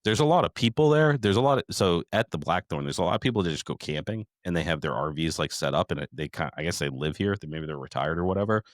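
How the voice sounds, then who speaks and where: Middle-aged male podcast host, deep voice, dry close mic, profane rambling storyteller. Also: animated, fast talker, few pauses, dry recording. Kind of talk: casual recap chat.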